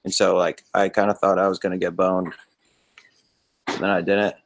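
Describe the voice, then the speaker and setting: Man, hoarse smoker's throat, very deep voice, laid-back call-in chatter. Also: flat delivery, normal speed, low-quality recording. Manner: laid-back, rambling with many likes. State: hoarse from smoking. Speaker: guest on a video call. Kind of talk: casual chat. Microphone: video call.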